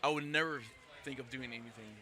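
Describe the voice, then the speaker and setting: A man hosting a podcast interview, speaking in a halting, friendly way with a slight speech impediment. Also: medium pitch. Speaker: podcast host. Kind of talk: casual interview. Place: busy convention floor. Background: crowd chatter.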